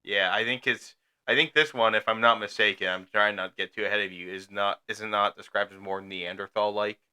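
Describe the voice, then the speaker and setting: Man, podcast co-host, very bright tone, smooth clear voice, rambling casual chat. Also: fairly low pitch, steady tone, a little fast. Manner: chatty, rambling, lots of fillers and restarts.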